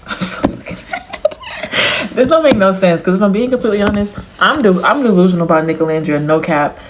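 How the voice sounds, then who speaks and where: A young woman chatting casually to camera in a crochet vlog, slangy and animated as she reacts to a TV show. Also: lowish voice, noisy background. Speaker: crochet vlogger. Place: home, indoors.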